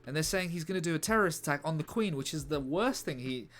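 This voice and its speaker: A man with a slightly high, somewhat bright voice talks fast with lively intonation while writing a script on a live stream. Rambling and joking, he reads the chat aloud as faint music plays behind him.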